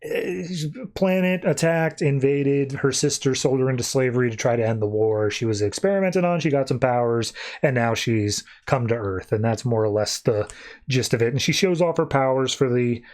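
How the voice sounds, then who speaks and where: A man's voice: medium pitch, normal speed, darkish tone. A man hosting a podcast, casually retelling a comic issue in a chatty, loose way with plenty of fillers. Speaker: podcast host. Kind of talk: casual comic book recap.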